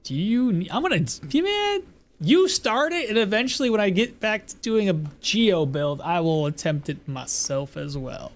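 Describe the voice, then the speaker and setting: A man's voice: high-pitched, moderate pace, hardly any pauses. A man giving casual, rambling gameplay commentary as a streamer, often laughing at himself. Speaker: game streamer.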